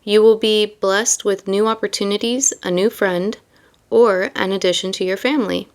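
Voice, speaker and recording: A woman's voice: medium pitch, steady tone, moderate pace. A young woman reading tarot and chatting casually, rambling and full of fillers between card meanings. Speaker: tarot reader.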